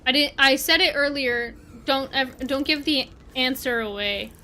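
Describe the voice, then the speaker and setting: A Canadian woman streaming a game, her voice high and bright. She chats loosely with her viewers as she plays and answers them as they come in. The talk is casual and rambling. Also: unhurried, slight background noise. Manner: chatty, talks back to chat while playing. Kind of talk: casual livestream chat.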